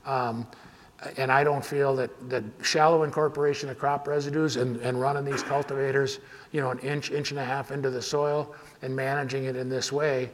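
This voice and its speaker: Farmer at a podium, loose and rambling, mid-pitched, hall echo. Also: male voice, level tone, fairly quick, a little hiss or hum. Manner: casual, rambling, frequent restarts. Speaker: farmer giving a talk. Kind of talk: conference presentation with audience Q&A. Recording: hall reverb.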